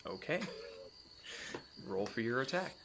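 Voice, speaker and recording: A man running a tabletop fantasy game, describing the scene in measured narration with small fillers. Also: medium pitch, sing-song, gravelly, noisy background. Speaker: dungeon master.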